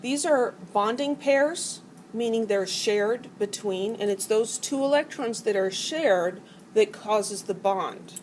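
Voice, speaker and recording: A middle-aged woman lectures a college chemistry class in a mid-pitched voice. She is playful and acts out the atoms as quarrelling characters. The classroom has a faint hum of noise behind her. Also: takes it slowly, darkish tone, poor audio. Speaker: chemistry teacher.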